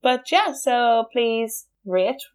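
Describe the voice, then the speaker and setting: A woman's voice: fairly high pitch, expressive, very slow. A young woman co-hosting a podcast, chatting casually and laughing often. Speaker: podcast co-host. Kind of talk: casual chat.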